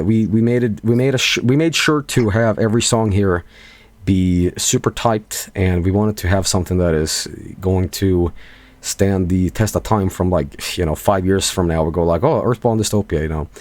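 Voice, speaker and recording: A man's voice: sits low, a little mellow. A man, a band's vocalist, chatting in a casual Q&A, rambling earnestly with lots of restarts. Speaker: band vocalist. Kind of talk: casual Q&A chat.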